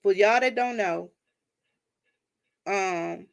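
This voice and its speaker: A woman's voice: medium pitch, extremely slow, vocal fry. A woman hosts a casual livestream from home, talking to her viewers like family. She greets them by name and drops churchy phrases into the chat, recorded on a simple phone or webcam mic. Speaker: livestream host.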